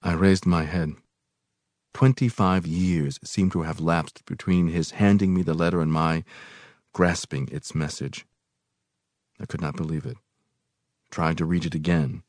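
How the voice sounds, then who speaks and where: A man hosting a study session, reading a novel aloud in a measured way. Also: sits low, steady tone, darkish tone, no room sound, clean studio sound.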